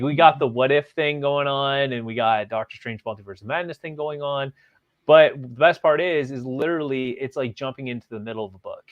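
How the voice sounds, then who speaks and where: A man's voice: medium pitch, dull audio. A man hosting a podcast in casual chat, rambling and leaning on filler words as he talks through his thoughts. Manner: rambling, leans on "like" and "literally". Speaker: podcast host.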